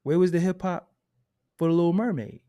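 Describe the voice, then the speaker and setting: A man hosting a hip hop commentary channel, delivering a loud, profane, unfiltered rant and laughing at his own points. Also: high-pitched, fairly quick. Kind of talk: unfiltered ranting monologue.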